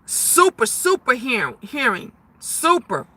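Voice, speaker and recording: Brief: middle-aged woman, loud chatty livestream host, very bright tone, jumps to high squeals. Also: very animated, unhurried, breathy edge. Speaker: livestream host reading viewer comments. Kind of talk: casual live chat.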